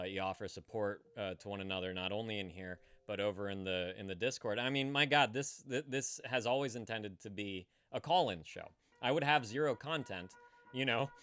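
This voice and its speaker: A man's voice: lowish voice, bright, forceful tone. A man hosting a casual live-stream call-in show, rambling and profane, stammering and restarting as he chats with viewers.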